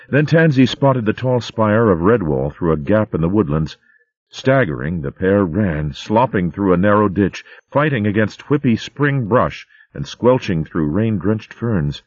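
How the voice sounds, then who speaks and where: A man with a very low voice reads a storybook aloud, steady and vivid. The recording is dry and close, with a slightly dulled, lo-fi top. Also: no echo. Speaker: narrator. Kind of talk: storybook narration.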